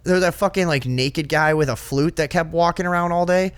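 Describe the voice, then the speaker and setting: A man's voice: a little high, fairly quick, clear, resonant tone. A man co-hosting a casual podcast, telling a rambling story with lots of swearing and mimicking the people in it. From northern United States. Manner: profane, animated, mimics people he talks about. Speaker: podcast co-host.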